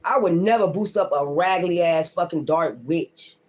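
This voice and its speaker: A woman's voice: lowish voice, normal speed, darkish tone. A woman who reads tarot and rants on a casual livestream, profane, blunt and emphatic, and she keeps repeating her defiant points. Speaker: tarot reader.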